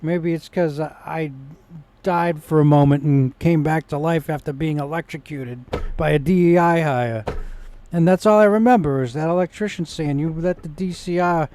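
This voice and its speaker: A man's voice: on the high side, normal speed, a little mellow. A man telling a personal story in a rambling vlog monologue, with restarts, growing indignant in places. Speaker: vlogger.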